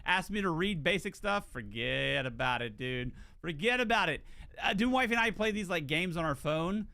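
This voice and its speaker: A man's voice: a little high, animated, normal speed, gravelly, pushed and bright, no room sound. A man with a southern US accent, streaming a game and chatting in a rambling, self-deprecating way, full of "like" and "dude". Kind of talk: casual stream chat.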